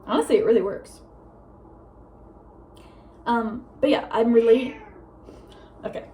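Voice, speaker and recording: A young woman vlogging casually at home, a self-described fast talker who rambles with many fillers. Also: fairly high pitch, highs cut off, slight background noise. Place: home with a meowing cat.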